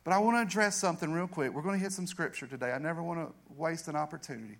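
Earnest high-voiced man preaching. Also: very fast, gravelly. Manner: earnest storytelling, voice drops low and soft for emphasis. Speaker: youth pastor. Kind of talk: testimony sermon. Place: church sanctuary.

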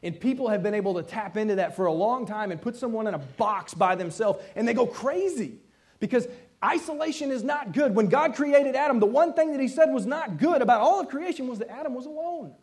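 Lively high-voiced preacher man. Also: fairly quick. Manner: animated storytelling, acts out quoted voices. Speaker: pastor. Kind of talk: sermon.

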